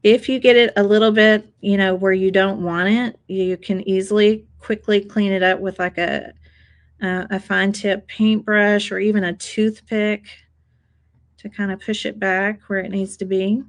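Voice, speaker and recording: Chatty, upbeat woman host of a craft tutorial, mid-pitched voice, talking viewers through each step. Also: little pitch movement, measured pace, poor audio. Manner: chatty, upbeat, addresses viewers as "you guys". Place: craft table indoors.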